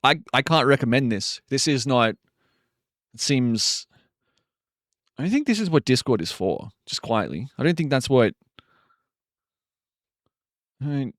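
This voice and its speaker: Animated man ranting on a stream. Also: mid-range voice, measured pace, long pauses, no echo, studio quality. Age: 40s. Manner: ranting, wry and exasperated. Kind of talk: casual live-stream chat reacting to videos.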